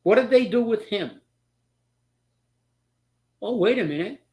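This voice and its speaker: A man's voice: high-pitched, expressive, a little slow, a little mellow. A man hosting a political commentary show, talking in a sarcastic, mocking way and laughing as he makes his points.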